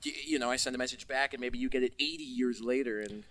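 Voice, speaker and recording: A man riffing through an improvised comedy chat, spinning an animated story and laughing as he goes. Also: medium pitch, fast talker, no echo.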